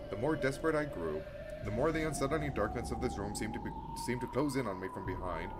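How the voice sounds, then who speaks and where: Guy streaming a visual novel, reads the text out then jumps into hyped reactions, voice bounces all over, music loud behind. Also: lowish voice, fairly quick. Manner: switches between reading game text and excited chatty asides. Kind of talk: reading a visual novel aloud with live reactions. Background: loud game soundtrack.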